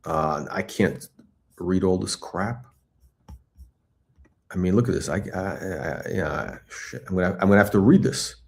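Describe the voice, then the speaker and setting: A middle-aged man hosting a live stock chat, talking in an excitable, blunt, repetitive way and swearing now and then. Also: sits low, unhurried, gravelly, pauses often. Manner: excitable hype, blunt, swears, repeats himself. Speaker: stock channel host. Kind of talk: livestream stock chat reading chat questions.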